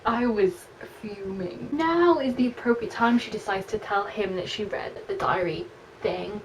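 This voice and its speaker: A woman's voice: fairly high pitch, measured pace, darkish tone. A young woman with an English accent, chatting expressively through a book review and reading passages aloud, with frequent "like" fillers. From England. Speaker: book vlogger. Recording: slightly distant mic with faint room noise.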